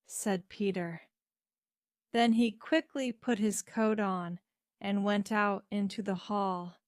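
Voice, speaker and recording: Slow clear woman reading a story. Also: mid-range voice, fairly even intonation, no room sound, clean studio sound. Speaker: narrator. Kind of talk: graded reader story narration.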